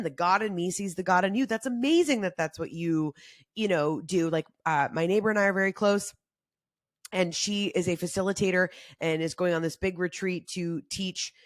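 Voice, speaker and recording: Chatty woman talking self-help, dry close sound. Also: dry recording. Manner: animated, chatty, acts out quotes with big pitch jumps. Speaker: podcast host. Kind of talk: casual self-help talk.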